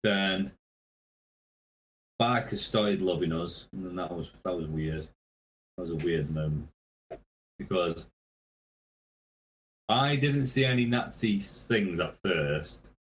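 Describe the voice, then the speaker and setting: Man, low-pitched, sweary casual storyteller. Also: takes it slowly, pauses often, a little hiss or hum, rough recording. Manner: swearing, laughing mid-sentence. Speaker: guest musician.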